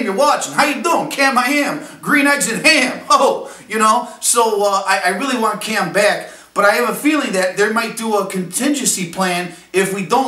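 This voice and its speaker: A man hosting a fan podcast, rambling in a jokey, animated way with lots of fillers and asides. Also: high voice, recorded from a distance. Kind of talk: casual rambling commentary. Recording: echoey room, a little off-mic.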